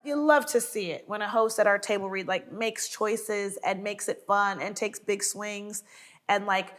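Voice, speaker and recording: A woman's voice: mid-range voice, fairly even intonation, unhurried, a bit bright, a little hiss or hum. A woman comedian chatting in an interview. She tells stories animatedly, acts out quotes, and laughs often. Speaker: sketch comedy cast member. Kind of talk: casual interview chat.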